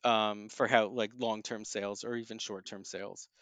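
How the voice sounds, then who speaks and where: A man reviewing plays and films in a casual chat, thoughtful and often pausing with ums and restarts. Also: on the low side, level tone, a bit bright, clean tone, dry recording. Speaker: theater and film critic.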